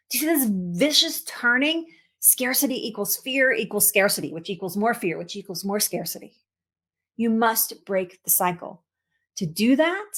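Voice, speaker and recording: This is a cancer coach, a woman, giving a lively motivational talk at medium pitch. She leans on repeated words for emphasis and laughs at herself now and then.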